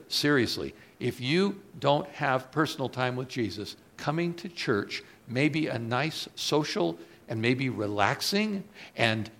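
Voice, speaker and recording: A man preaching a sermon, moving between quiet reflective lines and loud, emphatic questions put to the congregation. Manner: swings from soft low asides to loud emphatic rises; asks the audience questions.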